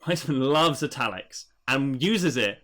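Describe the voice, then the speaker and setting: A man doing a casual livestream book review, rambling with many fillers and quick laughs. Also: medium pitch, expressive, a bit bright.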